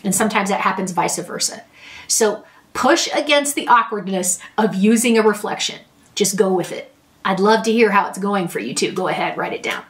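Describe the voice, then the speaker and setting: A woman's voice: medium pitch, moderate pace, recorded from a distance. A middle-aged woman therapist explaining a listening skill in a friendly, conversational way, with examples. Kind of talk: talking-head advice lesson.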